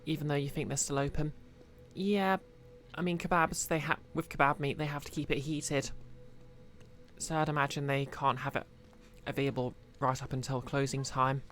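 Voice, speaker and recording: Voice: mid-range voice, fairly even intonation, normal speed, fairly bright tone. A streamer, chatting casually to viewers while playing, rambling with many fillers. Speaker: game streamer.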